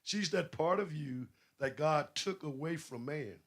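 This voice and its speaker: A man's voice: fairly high pitch, lively intonation, a little slow, a bit bright. A man preaching a sermon, questioning his listeners and building emphasis. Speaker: pastor.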